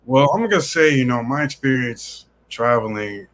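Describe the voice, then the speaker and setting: Brief: New man, interview guest, chatty storyteller, mid pitch, faint background noise. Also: normal speed. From New York City. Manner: lively anecdotes with slang. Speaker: guest, traveler.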